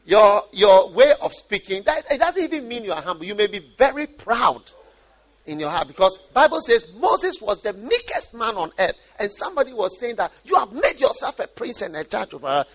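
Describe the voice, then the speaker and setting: A man from Ghana preaching a sermon, animated and often repeating and restarting his phrases. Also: sits high, normal speed.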